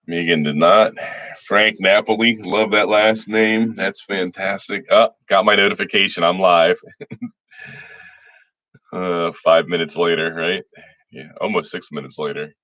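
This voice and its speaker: A man's voice: sits low, fairly even intonation, measured pace, bright, forceful tone, no echo, dull audio. A middle-aged man hosting a livestream, casually greeting viewers by name in a folksy way. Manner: folksy, reads viewer names aloud, frequent restarts. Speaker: state senator hosting a livestream.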